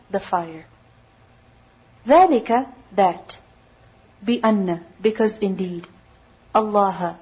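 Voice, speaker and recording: Woman slowly translating scripture word by word. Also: medium pitch, darkish tone, breathy edge, muffled recording. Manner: slow, measured, stressing each word before translating. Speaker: teacher.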